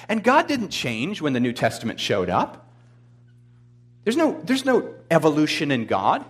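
A man preaching a sermon, dropping to a hush and rising to loud cries, with humorous asides. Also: on the high side, huge pitch swings, measured pace. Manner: dramatic, swings from hushed to loud.

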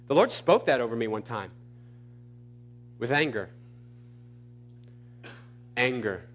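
A man preaching a sermon, emphatic and repetitive, building to loud peaks. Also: high-pitched, lively intonation, normal speed, long pauses. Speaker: pastor.

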